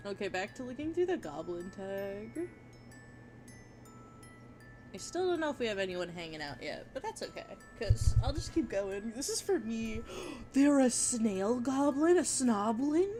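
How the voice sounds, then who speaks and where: A woman chatting casually on a livestream while she draws, gushing and giggling, with bursts of excitement and casual swearing. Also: on the high side, unhurried, faint music behind. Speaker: art streamer.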